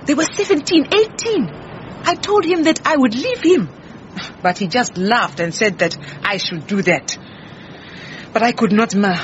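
An actress playing a proud, defensive head cook who talks brusquely. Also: female voice, fairly high pitch, lively intonation, unhurried. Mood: wounded. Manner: brusque, indignant. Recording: muffled with faint hiss.

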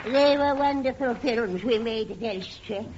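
A woman playing an aging former film star who reminisces grandly and saucily, in a lo-fi radio recording with a loud audience. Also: a little high, unhurried, over a noisy crowd, very noisy, natural voice. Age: older.

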